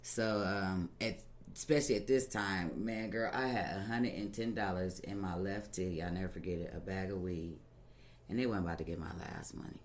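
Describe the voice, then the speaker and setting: A woman guest on a podcast, telling her story in a casual, animated way, laughing often and using plain-spoken slang. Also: a bass voice, fairly quick, a little hiss or hum.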